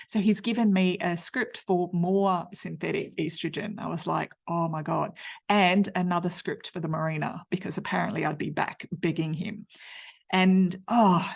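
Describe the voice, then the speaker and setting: Aussie woman in her 50s, podcast host telling her story, lowish gravelly voice, blunt and chatty. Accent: Australian. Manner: candid and chatty, full of fillers like "you know" and "like"; blunt and slangy. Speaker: podcast host, menopause nutritionist. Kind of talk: personal storytelling monologue.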